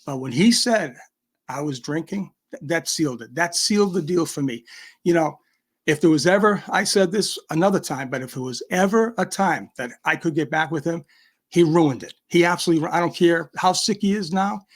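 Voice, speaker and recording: A man's voice: a little high, normal speed. A man with a Boston accent, a guest ranting in bursts on a livestream call. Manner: combative, emphatic, talks in bursts. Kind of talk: heated livestream rant.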